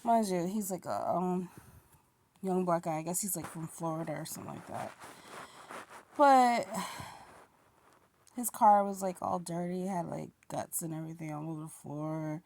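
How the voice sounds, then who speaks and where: A woman's voice: on the low side, normal speed, gravelly, pauses often, darkish tone, a little hiss or hum. A woman vlogger telling a casual story, rambling with many fillers and restarts and yawning now and then. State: yawning, a little sleepy.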